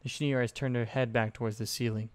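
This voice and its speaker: A man's voice: mid-range voice, fairly even intonation, quick pace, darkish tone, dry recording. A young man narrating fanfiction aloud in a casual way, with offhand asides and swearing.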